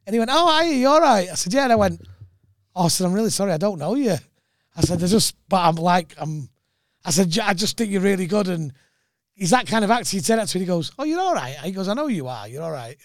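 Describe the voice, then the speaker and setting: A man tells anecdotes on a podcast, his voice pitched high and swinging widely as he acts out the people in his stories. The sound is dry and close to the mic, with no room around it. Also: lively intonation, quick pace, no room sound. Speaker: comedian guest. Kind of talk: casual podcast chat.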